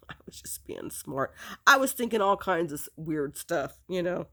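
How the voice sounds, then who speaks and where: Woman telling her own story, kinda rambly and halting, chuckles here and there. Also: lowish voice, expressive, pushed and bright. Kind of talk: personal storytelling.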